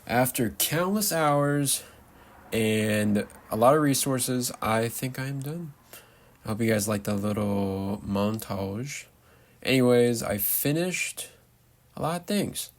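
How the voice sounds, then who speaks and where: A man's voice: mid-range voice, expressive, takes it slowly. A young man giving rambling, chatty commentary while showing off a game build, playful and loose. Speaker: Minecraft builder. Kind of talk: casual gameplay commentary.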